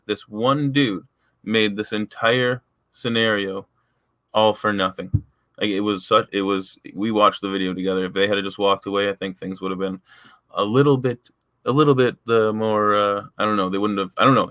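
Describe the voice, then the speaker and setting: A man's voice: lowish voice, fairly bright tone, no echo. A man giving casual, exasperated commentary over video footage, blunt and swearing freely.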